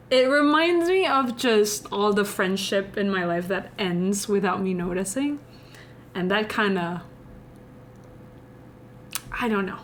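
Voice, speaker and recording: Young woman streamer, Indonesian accent, mid-pitched, rambling and confiding with her viewers, faint room hum behind. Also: fairly bright tone. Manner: meandering, confiding, chatty with viewers. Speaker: livestreamer. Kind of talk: casual live-stream chat.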